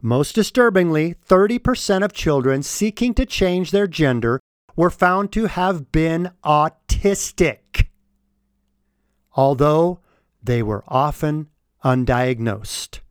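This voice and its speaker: Guy ranting on a commentary show, emphatic, voice jumps all over the place, talks slow. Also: a little high, lively intonation, smooth, no echo, clean studio sound. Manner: emphatic, repeats key words for stress. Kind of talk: opinion commentary, reading from a report.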